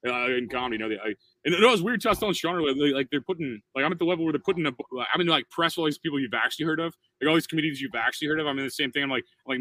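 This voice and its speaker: A man in his thirties, a comedian co-hosting a podcast, bantering quickly with lots of profanity and restarts. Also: fairly high pitch, pushed and bright, no echo. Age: 30s. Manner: rapid, profane, joking banter with many restarts. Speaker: comedian co-host. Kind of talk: casual podcast chat.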